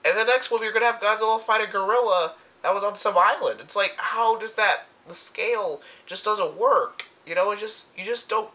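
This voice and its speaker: A young man rambling excitedly through a casual movie fan commentary, full of fillers and asides. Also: high-pitched, fairly quick, few pauses. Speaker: movie review vlogger.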